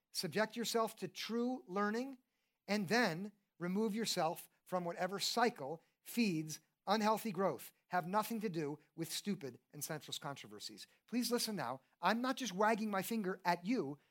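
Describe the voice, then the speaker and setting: A preacher giving a sermon in an earnest, conversational way, who often asks the listeners questions and restarts with "and, and". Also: mid-range voice. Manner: often repeats "and, and" when starting a thought.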